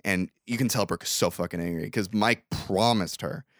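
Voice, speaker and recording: Man podcast co-host, low voice, dry close mic, profane animated recap. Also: normal speed, no room sound. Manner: profane, animated retelling with acted quotes. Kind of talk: casual movie recap chat.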